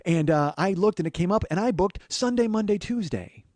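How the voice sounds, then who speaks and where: A man's voice: high voice, animated, brisk, a little mellow, no echo. A man telling an indignant, profane comic story as a podcast host. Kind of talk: comic rant monologue.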